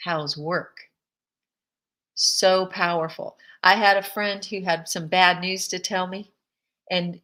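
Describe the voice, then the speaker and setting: A woman hosting a faith-based encouragement show, talking in an energetic, emphatic way, often laughing and acting out little quoted exchanges. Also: fairly low pitch, rough recording.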